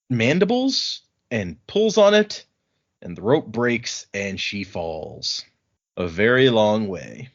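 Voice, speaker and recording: A man casually recapping a book chapter on a podcast, rambling with many restarts. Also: mid-range voice. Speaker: podcast co-host. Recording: slightly lo-fi podcast audio.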